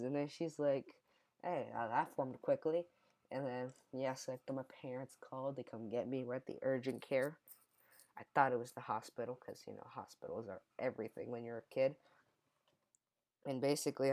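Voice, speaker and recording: A young vlogger tells a childhood story in a casual, rambling way, often correcting himself mid-sentence. His voice is mid-range and a little mellow.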